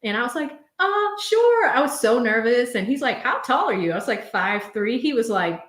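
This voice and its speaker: A young woman hosting a live stream from home, with a fairly high voice that carries a roomy echo. She talks in a loose, expressive way, laughs readily, and reads viewer messages aloud between her own remarks. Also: fairly quick. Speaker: livestream host reading viewer super chats. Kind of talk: casual live-stream chat.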